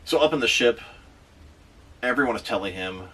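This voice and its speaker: A man casually recapping a movie as a reviewer, animated, with quick asides. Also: medium pitch, recorded from a distance, slight background noise.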